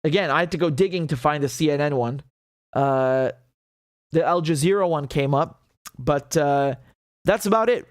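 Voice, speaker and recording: A man's voice: fairly high pitch, moderate pace, no room sound, clean studio sound. A man hosting a live political commentary show, talking in an indignant, sarcastic way and swearing freely.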